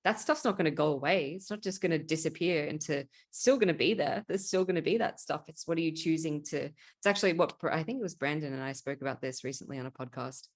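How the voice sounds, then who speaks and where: A woman's voice: low-pitched, fast talker, hardly any pauses, no echo, clean studio sound. A woman hosting a podcast, speaking in a candid, casual chat and swearing freely. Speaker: podcast host. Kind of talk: casual conversation.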